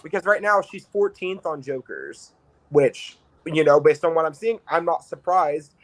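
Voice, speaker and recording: A man's voice: fairly high pitch, lively intonation, moderate pace, rough recording. A man co-hosting a reality TV podcast, talking bluntly and ranting with casual swearing. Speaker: podcast co-host. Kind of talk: casual chat.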